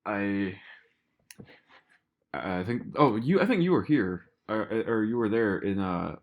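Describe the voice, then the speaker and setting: A man's voice: lowish voice, animated, slow pace, highs cut off. A young man co-hosting a podcast, chatting casually in a laid-back, hesitant way. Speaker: podcast co-host. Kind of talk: casual chat.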